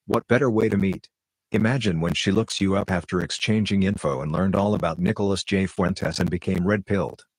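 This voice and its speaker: A man reads out online comments in a blunt, even way. His voice is low and deep, with a dry, close sound and no room echo. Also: fairly quick.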